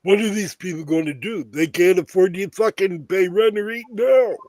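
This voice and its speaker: A man's voice: sits high, moderate pace, a little mellow, no room sound. A man in casual political chat, indignant and swearing about prices and cuts. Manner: indignant, profane.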